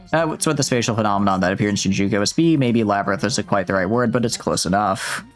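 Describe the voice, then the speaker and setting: A young man casually streaming a game, reading the dialogue aloud and joking with his chat, with a slightly sore throat. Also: mid-range voice. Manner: jokey, chatty, reads lines out with asides to chat.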